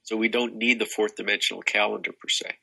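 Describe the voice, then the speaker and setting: A man's voice: on the low side, steady tone, quick pace, vocal fry, pushed and bright, husky, rough recording. An older man talking as a spiritual teacher guest in an expansive, rambling way, with many restarts. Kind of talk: casual spiritual conversation.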